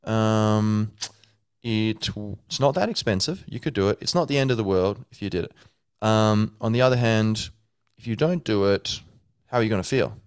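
A man voicing honesty as a calm adviser. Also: on the low side, clean tone, no echo, clean studio sound, lightly acted. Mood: reasoning. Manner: measured, reasoning, gently persuasive. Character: tall calm man personifying honesty, plain-spoken adviser.

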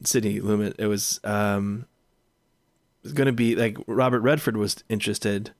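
A man's voice: fairly low pitch, fairly even intonation, moderate pace, no room sound, studio quality. A man co-hosting a film podcast, chatting and musing aloud, often trailing off into questions. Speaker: podcast co-host. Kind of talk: casual film discussion.

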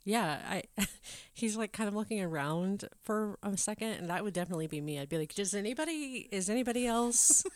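A woman co-hosting a podcast in casual chat, reacting with quick jokes. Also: on the low side, no echo. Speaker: podcast co-host.

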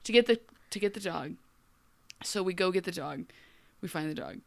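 A woman co-hosting a podcast, giving a wry, animated recap with frequent laughs. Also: lowish voice, normal speed, creaky. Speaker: podcast co-host. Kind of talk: casual recap chat.

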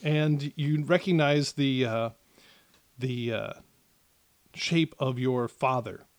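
A man narrating as game master of a tabletop game, with many pauses and restarts. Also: medium pitch, fairly even intonation, no echo. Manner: hesitant, many fillers and restarts.

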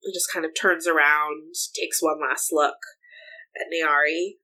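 Hesitant woman player, slow. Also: low-pitched, steady tone, bright, forceful tone, low-quality recording. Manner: hesitant, with many fillers. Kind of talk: describing her character's actions in a tabletop game.

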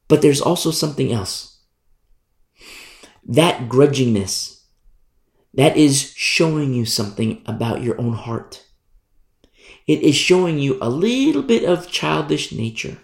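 A male pastor preaching a sermon, acting out grumbling church members in a conversational, animated way. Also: on the high side, a little slow, vocal fry, reverberant. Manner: animated, acts out congregation's grumbling.

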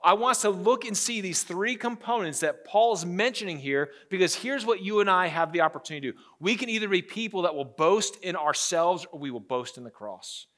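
A middle-aged male pastor delivers a sermon in a notably high voice. He talks with animation and often restarts his phrases by repeating words. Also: animated, brisk, hardly any pauses, a bit bright.

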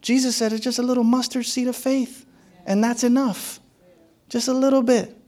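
A man's voice: very high-pitched, level tone, normal speed, mellow. A man preaching a sermon as a pastor, in a conversational and playful way, often laughing and acting out what others said.

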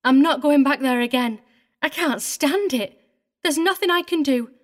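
A woman's voice: high voice, normal speed, natural voice. A woman voicing a prim, tearful middle-aged governess in a dramatized audiobook reading, agitated and wavering. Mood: prim, upset.

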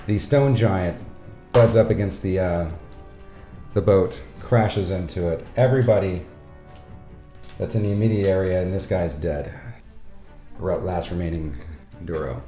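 A man narrating a tabletop game as game master, in a dramatic, lively way. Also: low-pitched, measured pace, long pauses. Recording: echoey room with faint music.

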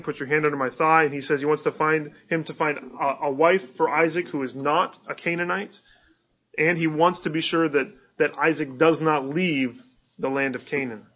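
A man's voice: on the high side, dull audio. A male pastor preaching a sermon in an easygoing, conversational way, with fillers and restarts.

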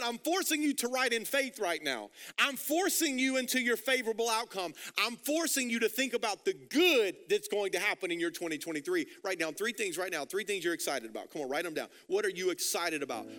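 High, bright-voiced urgent male preacher. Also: lively intonation, fairly quick, few pauses, soft background music. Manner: urgent, repetitive exhortation with call-and-response. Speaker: pastor. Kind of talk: sermon.

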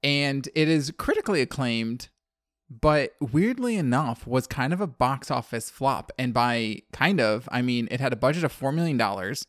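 A man's voice: medium pitch, expressive, moderate pace, no echo. Rambling male podcast host, dry sound. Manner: rambling, self-correcting. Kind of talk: casual podcast chat.

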